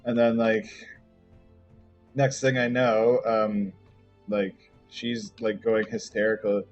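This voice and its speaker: Young male streamer, low voice, rambling and profane, lo-fi mic with faint game music. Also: little pitch movement, slow, darkish tone. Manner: rambling, many fillers, swears freely. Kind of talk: casual rambling story while gaming.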